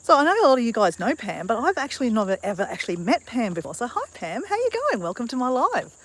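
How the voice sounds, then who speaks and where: A woman's voice: on the high side, big pitch swings, fast talker, a bit bright, low-quality recording. Bubbly live-stream host, woman, talking into a handheld phone outdoors. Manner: bubbly, chatty, laughs often. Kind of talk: casual live-stream vlog. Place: outdoor boardwalk in bushland.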